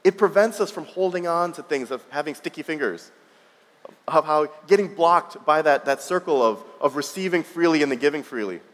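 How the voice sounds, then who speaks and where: Preacher, male, thirties, chatty personal-story sermon delivery, slightly high-pitched, echoing church hall. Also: fairly quick. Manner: conversational storytelling, frequent restarts. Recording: long reverb of a large hall.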